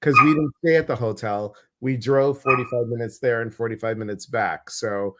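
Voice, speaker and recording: Man, Chicago accent, live-stream host, playful, rambling, fillers, mid pitch. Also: steady tone, normal speed, heavy background noise. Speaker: host, psychic medium. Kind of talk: casual live-stream chat.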